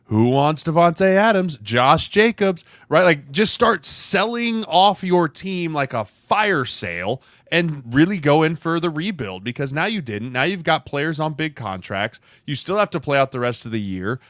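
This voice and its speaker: A man's voice: fairly high pitch, big pitch swings, normal speed, few pauses, a bit bright, dry recording. Man arguing football in a dry close voice. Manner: argumentative, building points with repeated "like" and "right?". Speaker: sports podcast co-host. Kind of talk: casual sports chat.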